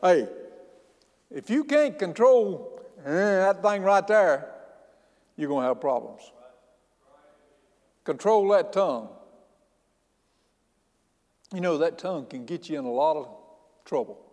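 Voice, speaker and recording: A male pastor preaches in a folksy, emphatic way, his fairly high voice leaping up and down as he stresses each point. His words ring out with a long echo from the hall around him. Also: expressive, takes it slowly, long pauses, a little mellow. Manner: folksy, emphatic preaching with frequent "hey" and restarts. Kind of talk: sermon.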